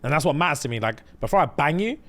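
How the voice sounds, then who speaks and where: A man tells a story on a casual podcast, his pitch swinging up and down as he acts out what people said. He leans on street slang and plays the quotes for effect. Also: racing. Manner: animated retelling with slang and acted quotes. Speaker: podcast co-host.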